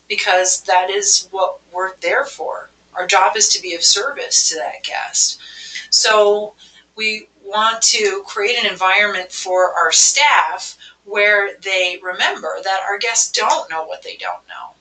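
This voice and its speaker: Give me a woman trainer coaching staff on phone manners in an energetic, emphatic way. Her voice is bright and sharp, and she is recorded from a distance in an echoey room. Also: mid-range voice, takes it slowly. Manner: lively, emphatic, acts out phone greetings. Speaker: hospitality trainer. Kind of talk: webinar training talk.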